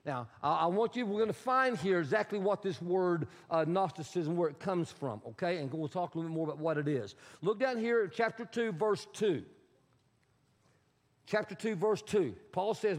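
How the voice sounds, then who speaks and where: Pastor, male, high voice, emphatic teaching sermon, long reverb of a church sanctuary. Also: animated, moderate pace. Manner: emphatic, repetitive teaching with audience prompts.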